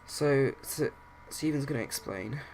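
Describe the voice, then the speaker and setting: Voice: mid-range voice, unhurried, gravelly, darkish tone, slight background noise. A host narrating a life-simulation game casually, retelling scenes with quoted lines. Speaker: let's play host.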